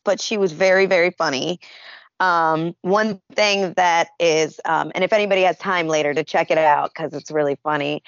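Woman, lowish voice, animated anecdote teller, close and dry, lo-fi. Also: no echo. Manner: animated storyteller, acts out quotes. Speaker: friend sharing memories. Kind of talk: casual memorial remembrance.

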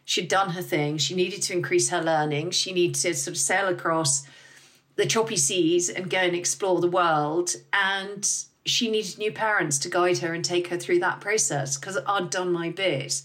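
A middle-aged woman talks frankly and with energy as a podcast guest, dropping the odd swear word. Her voice sits a little low for a woman. She tells stories with animation. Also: normal speed. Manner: candid, lively, swears freely. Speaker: guest, business founder. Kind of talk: casual interview talk.

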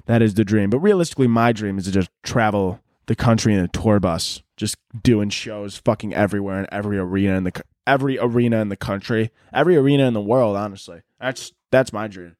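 A man's voice: lowish voice, fast talker, hardly any pauses, a little mellow, dry recording, studio quality. A young man hosting a solo podcast, ranting and joking in a profane, rambling way and slipping into silly voices. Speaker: podcast host. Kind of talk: solo comedic podcast rant.

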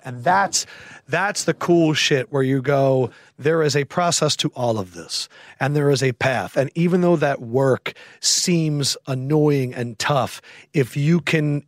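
A man in his thirties hosting a podcast, telling stories in a casual, animated way, acting out quoted voices and swearing freely. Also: on the high side, no room sound, clean studio sound. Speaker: podcast host. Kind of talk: casual storytelling chat.

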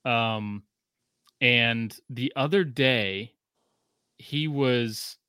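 A man's voice: medium pitch, extremely slow, clear, resonant tone, no room sound, clean studio sound. A man in his thirties, a podcast host, reading a listener review aloud and joking in casual chat. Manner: joking, profane, animated.

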